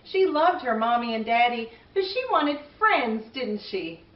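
An older woman hosting a children's show, talking warmly and encouragingly to young kids. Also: fairly high pitch, expressive, measured pace. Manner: warm, encouraging, kid-directed. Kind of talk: chatty talk to young children. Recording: roomy, distant, dull recording.

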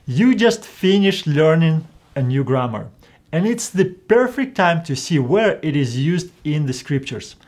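Slow, careful male language teacher. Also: on the high side, very animated, darkish tone, no room sound. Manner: slow, careful enunciation, spelling out letters. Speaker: Greek teacher. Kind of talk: recorded video lesson.

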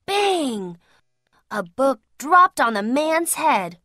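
A woman reads a children's picture book aloud, slow and clear. Her slightly high voice rises and falls a lot, and the recording is close and dry. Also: big pitch swings, pushed and bright, no echo. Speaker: storyteller. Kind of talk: reading a children's storybook aloud.

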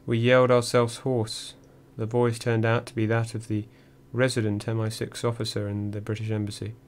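A man reading a first-person memoir audiobook in a measured, dry storytelling manner. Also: lowish voice, monotone, a little mellow. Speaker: audiobook narrator.

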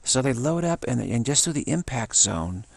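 A man hosting a casual talk, his voice gravelly and somewhat husky at an ordinary pitch. He wanders through his thoughts, repeats key phrases, and trips over word starts, lifting into animated bursts. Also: moderate pace, dry recording. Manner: loose and repetitive, restarts words, animated when excited. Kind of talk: casual rambling monologue.

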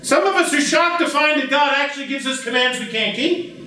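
Animated high-voiced pastor in an echoey church. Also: male voice, brisk, recorded from a distance. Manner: animated, jokey, bursts into shouts. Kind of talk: lively conversational sermon. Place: church sanctuary.

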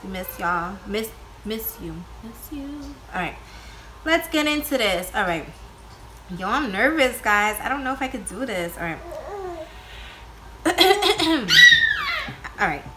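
A woman vlogging casually from home, loud and playful, swearing freely. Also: a little high, big pitch swings, slow, long pauses, slight background noise. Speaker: YouTube vlogger, mother of two. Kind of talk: casual vlog chat. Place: home with kids nearby.

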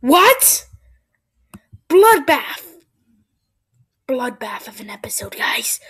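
Woman, let's play commentator: excitable, high and slightly husky, prone to whispered asides. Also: measured pace, pauses often. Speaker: gameplay commentator.

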